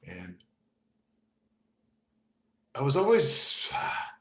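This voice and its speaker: A man telling a personal story in a halting, conversational way, dropping to a murmur and then bursting out loud. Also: mid-range voice, wildly swooping pitch. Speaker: storyteller recounting his own experience. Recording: roomy room with faint noise.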